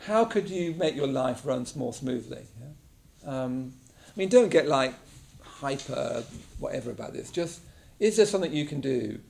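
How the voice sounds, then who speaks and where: In a meditation class room, a man from England teaches mindfulness casually, often asking the group "yeah?" to check in. He has a medium-pitched, gravelly, slightly mellow voice with lively intonation, a moderate pace and few pauses.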